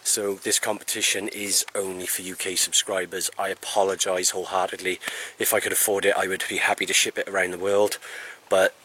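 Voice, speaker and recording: A man talks to his camera in the woods, puffing between sentences after a climb. His voice sits a little low, and he rambles along, chatty and self-mocking. Faint outdoor noise hangs behind him. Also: little pitch movement, brisk, bright, forceful tone. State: out of breath. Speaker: camping vlogger. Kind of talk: casual vlog talk to camera. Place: outdoors in woodland.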